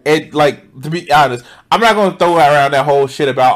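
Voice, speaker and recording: Streamer, man, high pitch, profane mocking reaction commentary with laughter. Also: fairly quick, hardly any pauses. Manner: swears heavily, laughs often, mocking.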